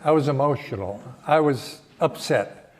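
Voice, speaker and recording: An older man giving a Sunday sermon and telling a personal story in a reflective, halting way, often restarting his phrases. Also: mid-range voice. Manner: slow, reflective, halting phrasing with frequent restarts and soft laughs. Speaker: spiritual teacher giving a Sunday talk.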